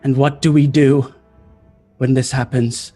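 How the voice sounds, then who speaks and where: A man voicing a deep, menacing giant she-wolf. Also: flat delivery, measured pace, warm tone, soft background music, close to an everyday voice. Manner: curt, demanding. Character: giant fiery female wolf beast, cold and menacing.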